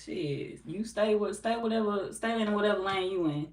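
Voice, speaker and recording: A tarot reader from St. Louis in the US Midwest, with a local accent, chats casually and bluntly with her live chat, cursing and laughing often. Her mid-range voice moves at a moderate pace with hardly any pauses. The recording has an echoey room, a distant mic, and faint noise.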